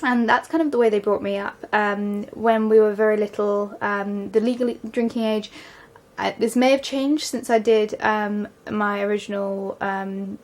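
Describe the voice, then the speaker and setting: A woman's voice: mid-range voice, fairly even intonation. Chatty young English woman vlogging. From England. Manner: rambling, chatty, many ums, quick bursts. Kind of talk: casual vlog monologue. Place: home, just out of the shower.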